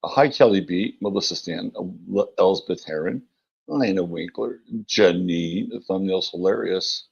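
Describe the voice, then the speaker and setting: A man hosting an astrology livestream, greeting chat viewers by name in a relaxed, rambling way with many fillers and a gravelly, husky voice. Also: deep voice, moderate pace, highs cut off. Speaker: astrology show host.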